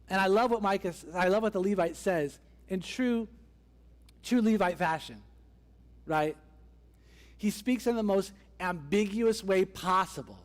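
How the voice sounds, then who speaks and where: A high-pitched man preaches a conversational sermon at a moderate pace, taking on the characters' voices as he narrates. The long reverb of the church sanctuary hall fills the recording.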